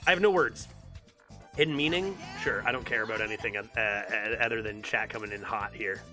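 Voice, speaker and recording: Young guy streaming a card game, voice jumps all over, rambly, faint music behind. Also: mid-range voice. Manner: animated, rambling with repeated words. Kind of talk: casual live game commentary.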